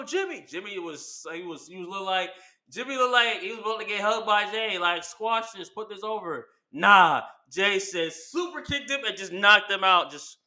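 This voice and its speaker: A man casually recapping a wrestling show, animated and slangy, acting out what the wrestlers said. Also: high-pitched. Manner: animated, acts out quotes with slang. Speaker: wrestling commentary vlogger.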